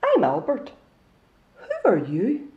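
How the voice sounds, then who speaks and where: A woman voicing a friendly, curious male bat in a storybook, who teases gently. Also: mid-range voice, wildly swooping pitch, slow. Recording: echoey room, dull lo-fi sound.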